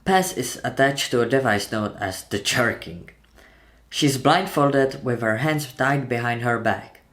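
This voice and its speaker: A man's voice: medium pitch, expressive, a little slow, a bit bright. A man retelling a horror film scene by scene in a tense, dramatic narration, voicing the sound effects himself. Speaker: channel host narrating a film breakdown.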